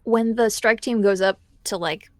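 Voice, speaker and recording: Female player, mid-range voice, quick and chatty, dry recording. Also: medium pitch, darkish tone, no room sound. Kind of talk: casual tabletop play.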